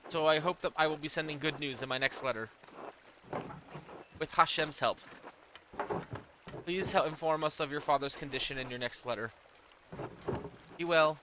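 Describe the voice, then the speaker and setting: A man's voice: a little high, moderate pace, pauses often, background noise, lightly acted. Man reading as an earnest young woman. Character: earnest young woman writing a kind letter.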